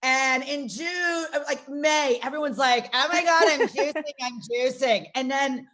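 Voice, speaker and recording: A woman's voice: high voice, unhurried, a bit bright. A woman in her forties doing brash, self-mocking, profane stand-up comedy from her garage over a video call. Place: home garage.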